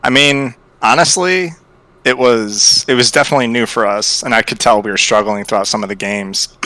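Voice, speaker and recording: A male player giving relaxed, reflective answers in a post-match interview. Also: medium pitch, fairly quick, no room sound. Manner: relaxed, reflective, hedging with fillers.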